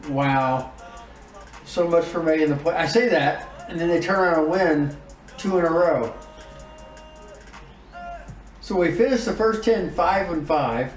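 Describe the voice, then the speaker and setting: Excitable gamer man, roomy off-mic sound. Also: a little high, measured pace, long pauses, recorded from a distance, faint music behind. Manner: emotive, groans and exclaims over results. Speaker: gaming YouTuber. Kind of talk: casual gameplay commentary.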